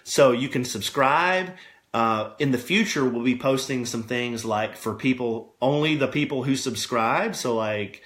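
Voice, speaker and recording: A man's voice: medium pitch, a little slow, a bit bright, reverberant. Easygoing man co-hosting a casual podcast. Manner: easygoing, rambling, playful. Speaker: podcast co-host. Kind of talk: casual chat.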